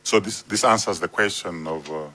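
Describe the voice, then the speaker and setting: Deep, forceful committee chair. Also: male voice, normal speed, a little hiss or hum. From Malawi. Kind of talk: chairing a parliamentary hearing.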